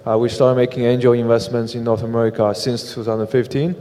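A man who directs an angel investment group, speaking on a panel in a halting way with many "uh" fillers. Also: medium pitch, level tone, dark tone. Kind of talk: panel discussion. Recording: long hall reverb.

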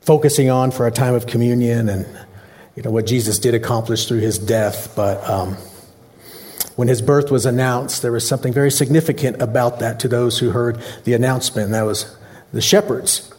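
A man's voice: medium pitch, a little fast, darkish tone. A male pastor giving a Christmas Eve sermon in a joking, conversational way, asking the congregation questions.

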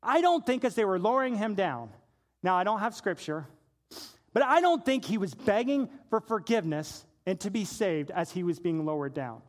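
High-voiced man preaching a sermon. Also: big pitch swings, moderate pace. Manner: storytelling, swings from hushed to shouting. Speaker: pastor.

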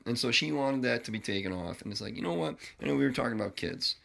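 A man's voice: medium pitch, lively intonation, a little fast, vocal fry, pushed and bright. A man hosting a podcast, talking in a blunt, profane, rambling monologue. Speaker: podcast host. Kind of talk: casual ranting monologue.

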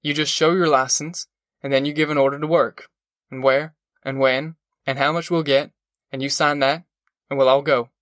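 A man's voice: a little high, fairly even intonation, moderate pace, fairly bright tone, no echo, clean studio sound, lightly acted. A man reading a story, voicing a defiant male migrant worker who speaks bluntly and challenges others.

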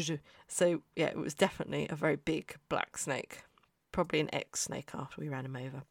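Brief: podcast host, gravelly voice, dry close sound, rambling self-mocking anecdotes. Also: mid-range voice, a bit bright, no room sound. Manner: chatty, self-mocking, trails off and restarts. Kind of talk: casual anecdotal storytelling.

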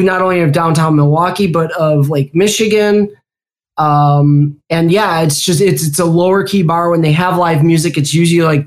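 Chatty Midwestern American woman. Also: low voice. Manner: chatty, talks in bursts with fillers. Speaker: guest, security executive. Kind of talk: casual interview chat.

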